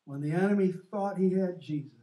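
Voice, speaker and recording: High-pitched and brisk, a male co-host of a Christian talk show shares casual faith stories with earnest animation, acting out quotes. He's recorded distant from the mic in an echoey space.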